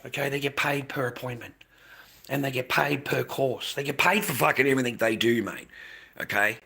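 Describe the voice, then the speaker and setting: A middle-aged man talks to his livestream chat in a gravelly, husky voice with a bright edge. He is blunt and coarse, swearing often and calling everyone mate. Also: medium pitch, fairly quick. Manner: swearing, aggressive, blunt, calls people mate. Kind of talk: casual livestream chat with viewers.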